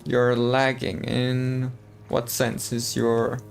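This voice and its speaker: A man's voice: mid-range voice, monotone, drawn-out words, creaky, soft background music. A man with an American-sounding English accent giving casual, chatty commentary while streaming a game and talking to his chat. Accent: American-sounding English learned from TV.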